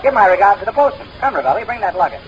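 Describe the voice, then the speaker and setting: An actor playing a fast-talking, wisecracking male con man in an old radio comedy. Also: high voice, big pitch swings, slight background noise. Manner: rapid wisecracking patter. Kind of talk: 1930s radio comedy acting. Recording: dull lo-fi old radio recording.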